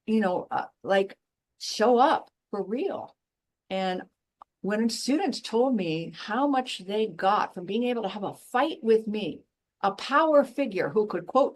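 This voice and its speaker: A woman guest, once a professor, speaking in a blunt, emphatic and animated way in a passionate interview conversation. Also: mid-range voice. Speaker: guest, former professor and intuitive.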